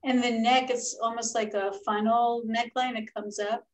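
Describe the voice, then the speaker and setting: A woman in her seventies with an American accent, hosting a casual video chat, chatty and quick to tell a story and laugh at herself. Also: on the high side, level tone, low-quality recording. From Philadelphia, United States. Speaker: host.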